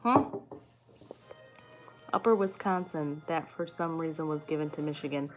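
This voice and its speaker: A woman's voice: low voice, normal speed, soft background music. Chatty young woman, swears freely. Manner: chatty, swears freely, answers chat comments. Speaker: live streamer chatting with viewers. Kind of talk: casual chat.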